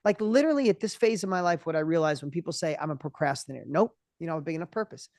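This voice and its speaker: A man in his fifties, a guest entrepreneur in an interview, talking with passion and often restarting his words when excited. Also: a little high, no room sound, clean studio sound. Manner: passionate, acts out other people's voices in quick bursts. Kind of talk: energetic interview conversation.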